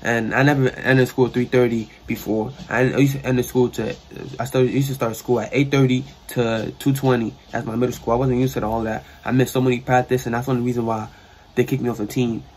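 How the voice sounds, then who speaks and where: A man's voice: mid-range voice, brisk, a little hiss or hum. A young man with a New York accent, telling a rambling, slangy storytime in a bedroom. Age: young adult. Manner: rambling, slangy, animated retelling. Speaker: storyteller vlogger. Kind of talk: casual storytime. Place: sister's room.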